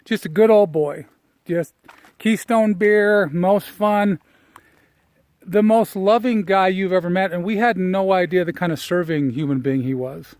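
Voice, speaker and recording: A middle-aged man with a somewhat high voice tells a deeply personal story in a reflective, halting way, pausing and restarting often. His sound is dry and close. He is talking while walking outdoors. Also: darkish tone, no echo. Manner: emotional, reflective, halting with fillers. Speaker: personal development speaker.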